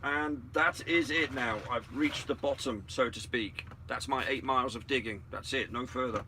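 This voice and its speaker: A man's voice: medium pitch, normal speed, noisy background. A man co-hosting a livestream in a casual, sarcastic style, greeting viewers one by one. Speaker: livestream co-host. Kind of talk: casual live chat. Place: indoors, in a vehicle.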